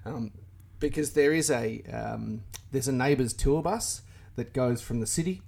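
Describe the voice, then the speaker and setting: A man's voice: medium pitch, creaky, darkish tone. Laughing Australian man on a call. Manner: laughs often, self-deprecating, halting restarts. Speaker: guest, YouTube channel creator. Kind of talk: casual interview over a call. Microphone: remote call.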